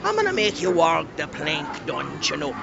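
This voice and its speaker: A blustering pirate with a put-on Irish lilt, as a family member hams it up. The pitch swoops widely. The audio is dull and lo-fi, like a home video camera. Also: huge pitch swings, moderate pace. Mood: hammy. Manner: jokey, hammy. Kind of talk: playful family video clip.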